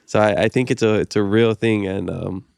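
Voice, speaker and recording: A man's voice: fairly low pitch, steady tone, brisk, creaky, a little mellow, smooth, no echo, clean studio sound. A man from Hawaii who hosts a podcast and talks in an easygoing, encouraging way, with lots of "you know". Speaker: podcast host. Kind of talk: casual interview chat.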